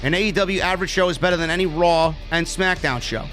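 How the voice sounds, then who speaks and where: A man's voice: high voice, fast, fairly bright tone, faint music behind. A man hosting a live wrestling review stream, reading viewer super chats aloud and chatting casually with plenty of swearing. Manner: casual, profane, reads donor messages aloud.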